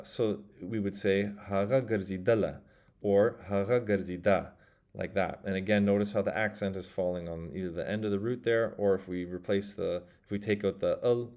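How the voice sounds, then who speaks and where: Low-voiced man teaching a language lesson. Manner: relaxed, thinking aloud with fillers and self-corrections; slows down to pronounce example words. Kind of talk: casual explanatory lesson.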